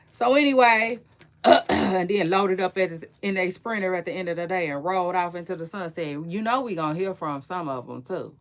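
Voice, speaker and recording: A woman's voice: mid-range voice, fairly bright tone. A woman giving casual celebrity gossip commentary, chatty and slangy, rambling with frequent asides.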